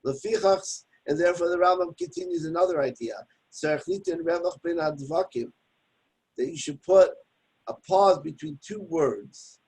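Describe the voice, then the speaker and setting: A man's voice: on the high side, normal speed, a little mellow, husky, poor audio. A man teaching a daily text study lesson, reading Hebrew passages and then explaining them plainly in English, sounding out pronunciation examples. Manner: demonstrates pronunciation aloud with examples. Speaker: Torah teacher.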